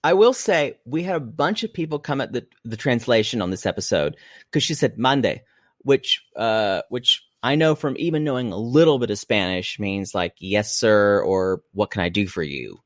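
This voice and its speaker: Man, 40s, witty podcast co-host, dry close sound, animated pitch. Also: no room sound. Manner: teasing, quick-witted, laughs often. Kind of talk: casual chat recapping reality TV.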